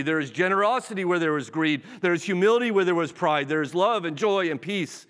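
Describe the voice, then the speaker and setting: A man's voice: fairly high pitch, a bit bright. Earnest male preacher in a reverberant hall. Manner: earnest, direct, with frequent restarts. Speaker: pastor. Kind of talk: sermon.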